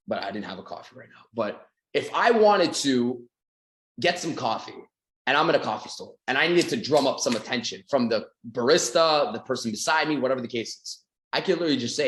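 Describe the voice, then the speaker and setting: A man from Canada coaching salespeople with lots of energy. His voice sits in a middling register, and he keeps jumping into quick acted-out bits of dialogue. The room around him rings with echo. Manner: energetic, acts out quoted dialogue with big pitch swings. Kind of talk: motivational seminar talk.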